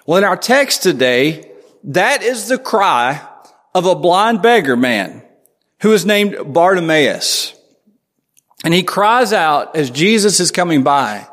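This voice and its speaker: A man's voice: high voice, very animated, takes it slowly, a bit bright. A man preaching a sermon to his congregation in a conversational way, asking them questions as he goes. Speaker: pastor. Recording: long hall reverb.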